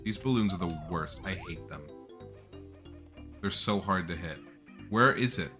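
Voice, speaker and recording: A man chatting and joking through a gameplay session in a bright, forward voice. His pitch sits a little low but swings widely. There is faint music underneath. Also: unhurried. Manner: chatty, jokey, animated. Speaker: gameplay streamer. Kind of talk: casual gameplay commentary.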